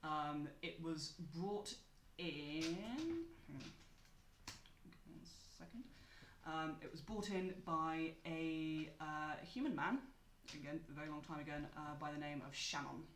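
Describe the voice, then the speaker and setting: Give me a game master narrating a tabletop game in an easygoing way, now and then stopping to find a word. The voice sits at a middle pitch. The room gives it a clear echo, with faint hiss underneath. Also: animated, a little slow, fairly bright tone. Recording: echoey room, faint noise.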